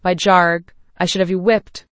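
A woman's voice: lowish voice, flat delivery, unhurried, no room sound, lightly acted. A woman reading the part of a proud, haughty young priestess in a spoken story. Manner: haughty and commanding.

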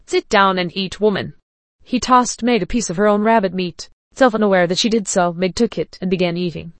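Female audiobook narrator, steady reading, dry close sound. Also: mid-range voice, a little fast, dry recording.

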